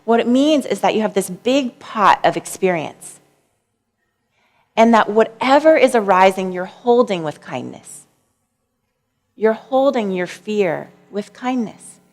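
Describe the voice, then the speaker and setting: A woman psychologist giving a public talk, telling personal stories in a gentle, candid way with a little self-mocking laughter. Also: mid-range voice, lively intonation, a little slow. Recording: long reverb of a lecture hall.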